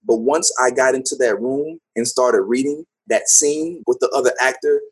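A man, an actor and teacher, telling his story in a casual interview in an upbeat, animated way with frequent laughter. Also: medium pitch, normal speed, husky. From United States.

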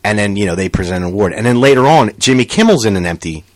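A man's voice: fairly low pitch, fast talker, no echo. A young man on a podcast, casually chatting and retelling a funny story, acting out what others said and swearing freely. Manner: animated storyteller, acts out quotes, swears. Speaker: podcast co-host. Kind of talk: casual chat.

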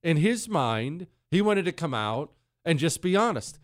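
A man's voice: a little high, big pitch swings, measured pace, no room sound, clean studio sound. A man hosting a talk radio show, brash and sarcastic in his opinions and reading ads in the same brash way. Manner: brash, sarcastic, mocking impressions.

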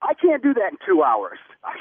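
A man's voice: sits high, wildly swooping pitch, brisk, slightly rough, no room sound. Stammering, flustered man on a phone line. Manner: flustered, stammering, repeats himself. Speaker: hardware store worker, prank victim.

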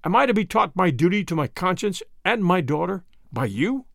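A man's voice: high-pitched, sing-song, moderate pace, vocal fry, a bit bright, dry recording, studio quality, voice pushed up, full character voice. A man voicing a stubborn, hot-tempered Boer father. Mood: angry. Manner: sulky and stubborn.

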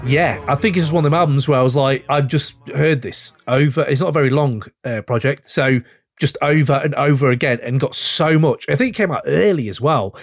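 A man's voice: mid-range voice, brisk, no room sound, studio quality, faint music behind. A man hosting a podcast, chatting in a rambling, enthusiastic way and swearing freely. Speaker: podcast host. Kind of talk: casual chat.

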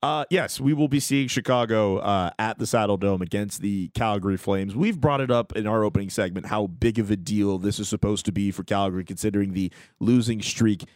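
A man's voice: on the low side, brisk, hardly any pauses, no room sound. A man hosting a sports radio show in a studio, chatting casually and upbeat. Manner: lively, laughs easily, upbeat. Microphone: studio mic.

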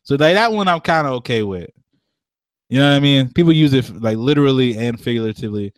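A man's voice: medium pitch, lively intonation, quick pace, no echo. A man co-hosting a casual chat, talking in slang, swearing freely and laughing often.

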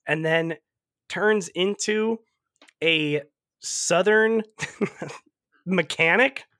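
Laughing, animated man recapping a film. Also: high voice, extremely slow, no room sound, clean studio sound. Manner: animated storytelling, laughs often, swears. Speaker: podcast co-host recapping a movie. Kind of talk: casual chat.

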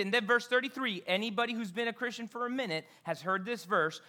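A woman delivers a sermon in a church. She reads scripture out loud and drops to quiet, conversational asides, often asking the congregation questions. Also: mid-range voice, brisk, hardly any pauses. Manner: expressive, swings between loud scripture reading and quiet asides. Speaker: preacher.

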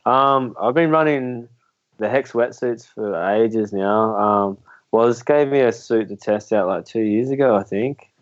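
A man's voice: medium pitch, measured pace, lo-fi sound. A young Australian man telling rambling, laughing stories as a guest on a podcast. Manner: laid-back, rambling, laughs through his stories. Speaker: spearfishing guest. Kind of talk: casual storytelling in a podcast interview.

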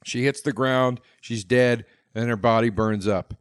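A man's voice: medium pitch, fairly even intonation, unhurried, smooth, dry recording, studio quality. A man co-hosting a podcast, telling jokes in casual chat and laughing at his own punchlines. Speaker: podcast co-host.

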